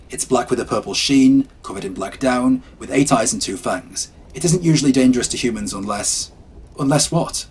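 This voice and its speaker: A man's voice: mid-range voice, a little hiss or hum, natural voice. A man voicing a grave adult male safari assistant with a thick accent, giving solemn, insistent warnings in a spoken horror story. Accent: thick foreign accent.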